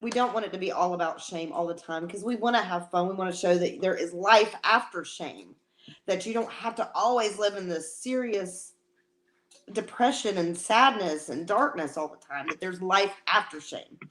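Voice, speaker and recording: A woman's voice: lowish voice, normal speed, a bit bright, a little hiss or hum. A woman co-hosting a casual live-stream chat from home, talking in an emotional, rambling way with many restarts. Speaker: co-host.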